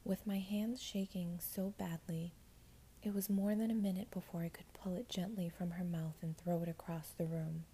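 A woman narrating a story in a hushed, whispered, measured way. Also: on the low side, fairly even intonation, husky.

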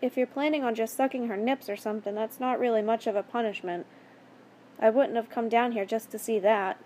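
A woman reading the part of a crude henchman in an audio story, pushy and impatient as he presses for answers. The voice is fairly high, with a faint hiss behind it. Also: fairly even intonation, brisk, darkish tone, natural voice.

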